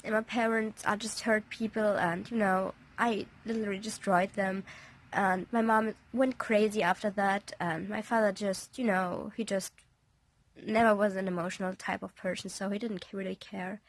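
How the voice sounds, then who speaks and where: Shaken young woman, halting and gravelly. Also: medium pitch, fairly even intonation. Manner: halting, apologetic, hesitant, often soft and half-whispered. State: shaken after a panic attack. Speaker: vlogger. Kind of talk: confessional personal vlog. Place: indoors, on a bed in a bedroom.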